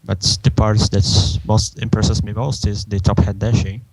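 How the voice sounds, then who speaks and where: A man's voice: fairly low pitch, little pitch movement, moderate pace, vocal fry, a little mellow, no echo, poor audio. A man co-hosting a casual podcast chat, wry and playful. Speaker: podcast co-host.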